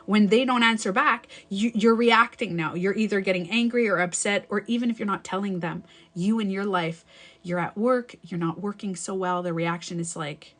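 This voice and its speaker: A breakup and self-love coach speaks to viewers on a live stream, casually repeating her points to encourage them. Her voice is medium in pitch and her pace moderate.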